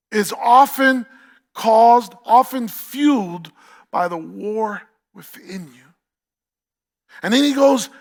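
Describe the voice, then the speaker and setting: High-pitched and emphatic, a New York-accented man preaches as pastor, hammering key phrases through repetition and asking his congregation questions.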